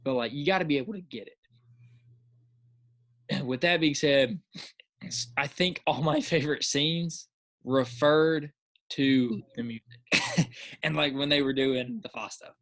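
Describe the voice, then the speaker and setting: A man co-hosting a podcast, chatting casually and excitedly, rambling with lots of filler and acting out his own reactions. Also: a little high, measured pace, long pauses. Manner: repeats filler words. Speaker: podcast co-host. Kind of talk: casual chat.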